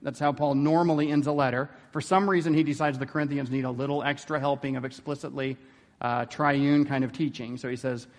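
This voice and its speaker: A man giving an explanatory theology lecture, thoughtful, pausing often with "um" and checking in with "right?". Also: on the high side. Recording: long hall reverb.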